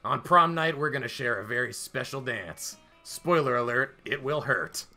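A man's voice: medium pitch, normal speed, pushed and bright, soft background music, lightly acted. A man voicing a hot-tempered young male demon student, ranting and screaming. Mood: enraged.

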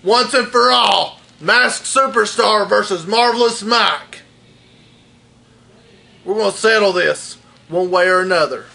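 A male pro wrestler cuts a challenging promo, slow and deliberate. His voice sits high, with a gravelly fry. The tone is sharp and very bright.

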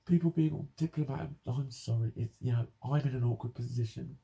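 A man's voice: mid-range voice, brisk, vocal fry, dark tone, breathy edge. A young man ranting in a personal vlog, swearing constantly and sounding frustrated and bitter. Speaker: vlogger. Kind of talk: angry personal vlog rant.

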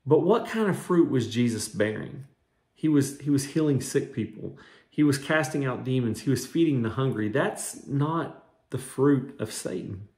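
A man's voice: mid-range voice, animated, normal speed, a little mellow. A man who is a minister, giving a short devotional sermon in an earnest, conversational way and weaving in scripture quotes. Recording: roomy echo.

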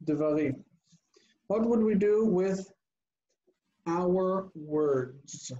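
Over a video call, a Hebrew teacher gives an online class lecture on grammar in a somewhat high, mellow voice. He patiently works through the forms, reading endings aloud in an animated way, drawing out words, and quizzing his students. The audio sounds dull and lo-fi.

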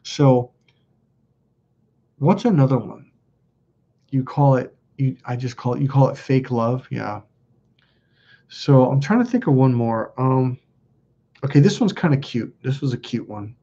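Husky guy ranting on his stream, swears a lot, muffled lo-fi audio. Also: medium pitch, animated, measured pace, long pauses, warm tone. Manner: blunt, profane, laughs at himself. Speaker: live stream host. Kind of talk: casual storytelling chat.

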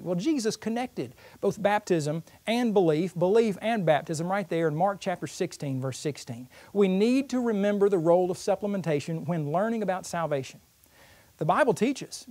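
A man's voice: sits high, darkish tone. A man teaching a Bible lesson in an earnest, explanatory way, using everyday analogies. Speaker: preacher.

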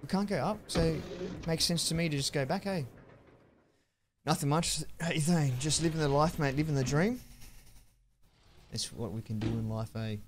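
A man's voice: on the high side, moderate pace, long pauses, background noise. A man streaming a horror game, chatting casually in slang and greeting viewers by name as he plays. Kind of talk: casual let's-play commentary.

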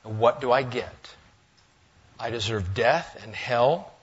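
A male pastor preaching a sermon in a church, lively and swinging between loud, emphatic lines and hushed asides. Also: medium pitch, slow, breathy edge, dull audio. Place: church sanctuary.

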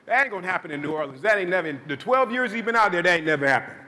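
A man's voice: high voice, lively intonation, rapid-fire, sharp tone. A male pastor preaching a sermon in a church, with a conversational, joking storytelling style and lots of repetition. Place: church sanctuary.

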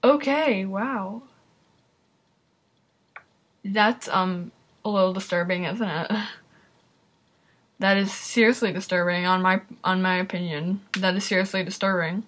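Pausing often and keeping a measured pace, this mid-range female voice reacts casually to a video. She gets excited easily, with frequent exclamations aimed directly at her audience.

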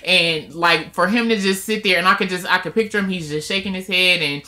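A woman's voice: on the low side, a little fast. A woman vlogger chatting casually and emotionally straight to her viewers about her weight-loss progress. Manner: emotional and openly expressive, talks straight to viewers. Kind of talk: casual vlog chat.

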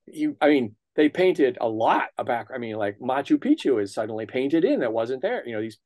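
A man's voice: medium pitch, a little fast, dry recording. A middle-aged man telling stories as an interview guest. He acts out quoted dialogue and swears casually. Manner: lively storyteller who acts out quoted dialogue. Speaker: guest, comics writer and colorist. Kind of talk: anecdotal interview storytelling.

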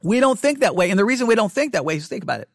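A male pastor teaching catechesis in sermon style, emphatic and repetitive, hushing his voice for quoted thoughts. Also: sits high, big pitch swings, rapid-fire, no echo.

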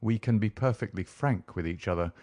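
A man voicing a calm, shrewd male detective who talks in a suave, measured, deliberate way. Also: on the low side, no room sound, close to an everyday voice. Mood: probing. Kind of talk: audiobook character reading.

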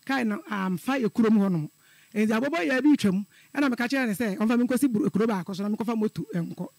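A man's voice: high voice, fast, darkish tone, no room sound. A middle-aged man calling in to a radio show, telling a personal story in an earnest, repetitive way. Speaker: caller.

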